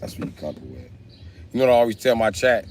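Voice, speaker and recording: Man, Milwaukee accent, livestream host, crude and rambling, lowish voice, faint background noise. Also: very animated, very fast, a little mellow. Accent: Milwaukee, Wisconsin. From Wisconsin. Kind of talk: casual livestream chat.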